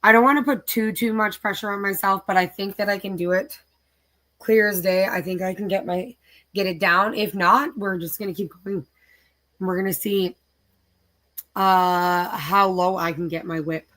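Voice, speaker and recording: A woman's voice: medium pitch, fairly even intonation, normal speed, a bit bright. A middle-aged woman hosting a casual craft live stream, chatting and listing her projects aloud in a tired, easygoing way. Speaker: craft channel host.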